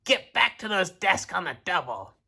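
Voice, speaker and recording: A man's voice: sits high, very animated, moderate pace, creaky, bright, forceful tone, breathy edge, voice pushed up, heavily acted. A man voicing a stern woman substitute teacher with a scratchy voice, bossy and menacing, in a storybook reading.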